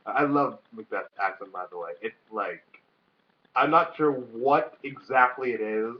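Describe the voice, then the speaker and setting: A man's voice: medium pitch, normal speed. A young man co-hosting a casual vlog chat, rambling with lots of fillers and swearing freely. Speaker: vlog co-host. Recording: dull lo-fi sound.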